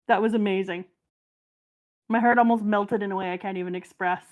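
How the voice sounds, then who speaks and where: A woman's voice: medium pitch, steady tone, fairly quick, long pauses. A woman chatting casually on a live stream, telling stories animatedly and laughing often. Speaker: stream guest and mother. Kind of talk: casual chat.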